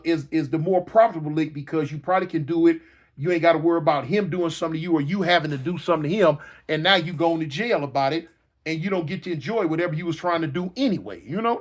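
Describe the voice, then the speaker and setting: A middle-aged man casually telling a story to his viewers in slangy talk, acting out booms and slams and repeating phrases for emphasis. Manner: animated, acts out sounds like booms and slams. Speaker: storyteller recounting his own past.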